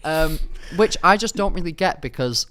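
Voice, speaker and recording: A young man co-hosting a podcast, telling a story in casual chat and acting out quotes with sudden high bursts. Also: lively intonation, moderate pace, fairly bright tone, clear, resonant tone. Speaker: podcast co-host.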